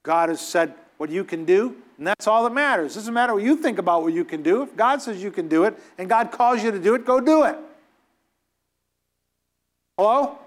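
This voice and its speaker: A man with a notably high voice delivers a sermon in an emphatic, exhorting way. He scolds his listeners and acts out the voices of the people he quotes. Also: animated, quick pace, few pauses. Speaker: preacher.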